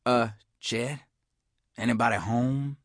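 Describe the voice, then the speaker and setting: A man's voice: medium pitch, steady tone, slow, no room sound, clean studio sound, pitched above the performer's own voice. A man voicing a tough, motherly female iguana who runs a school cafeteria, talking in a weary, bossy way.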